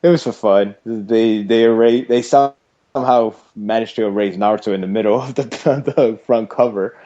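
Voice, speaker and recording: A man chatting loosely on a fan podcast, rambling between bursts of laughter. His voice sits low and mellow. The sound is muffled and lo-fi. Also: moderate pace. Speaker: podcast co-host. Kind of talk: casual fan podcast chat. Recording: muffled lo-fi voice chat audio.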